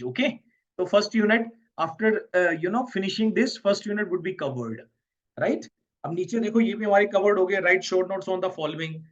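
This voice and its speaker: Casting note: high-voiced Indian man, exam-prep teacher, code-switching, asks "okay?" a lot, muffled lo-fi sound. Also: a bit bright. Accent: Indian English. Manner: mixes Hindi and English, checks in with "okay?" and "right?". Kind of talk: exam preparation lecture.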